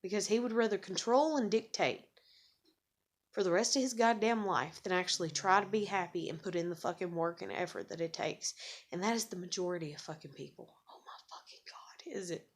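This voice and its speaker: A female vlogger with a mid-range voice talks a little fast in an angry rant straight to camera. Swearing heavily, she's bitter and blunt, and as she gets agitated she repeats and restarts her words.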